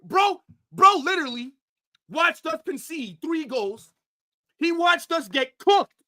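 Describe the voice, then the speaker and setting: A man ranting angrily on a football livestream, profane, swinging from shouts to low mutters. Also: expressive, takes it slowly. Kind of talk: livestream rant.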